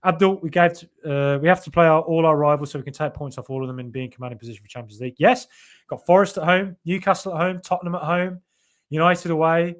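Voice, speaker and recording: A man's voice: fairly high pitch, quick pace. A man hosting a football podcast live stream, chatting casually and reading out viewer comments in a rambling way with lots of fillers.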